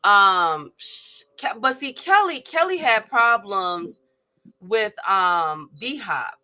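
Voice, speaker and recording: Slow, bright-voiced woman musing. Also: mid-range voice, expressive. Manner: slow and musing, many hesitations. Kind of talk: casual live stream banter.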